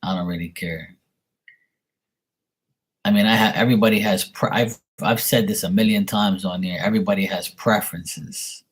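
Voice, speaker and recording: A young man hosting a live stream, reading angel cards and chatting with viewers in a relaxed, rambling way. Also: fairly low pitch, moderate pace, breathy edge. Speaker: livestream host doing card readings.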